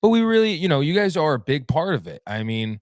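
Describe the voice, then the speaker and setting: A man's voice: a little high, big pitch swings, brisk, dry recording, studio quality. A man hosting a live show alone, chatting casually and reading out viewer comments in a rambling, friendly way. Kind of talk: casual livestream chat.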